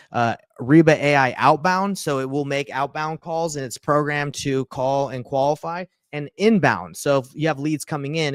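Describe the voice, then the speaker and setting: A man hosting a casual tutorial vlog on real estate, upbeat and chatty, talking fast and hyping up his viewers. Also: mid-range voice, no room sound.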